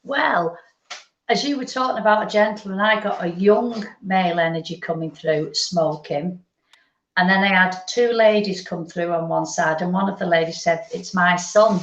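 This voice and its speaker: Gentle woman medium with some fry, recorded in an echoey room. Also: fairly low pitch, normal speed. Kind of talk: psychic reading. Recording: lo-fi echoey stream audio.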